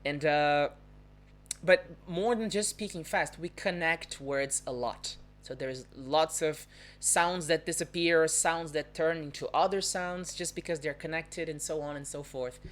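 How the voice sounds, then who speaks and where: A woman from Rio, a Portuguese speaker, giving a live online lesson, fast-talking and patiently demonstrating pronunciation with example words. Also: low voice. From Rio de Janeiro, Brazil. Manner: talks fast by her own account. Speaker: Portuguese teacher. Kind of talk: live-streamed language lesson. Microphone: phone or webcam for a social media live.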